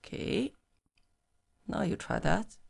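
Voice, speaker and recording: A woman whose first language is Mandarin Chinese, teaching pinyin in English and slowly modelling tones for the learner to repeat. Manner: slow, clearly modelled syllables. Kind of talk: language lesson with tone drills.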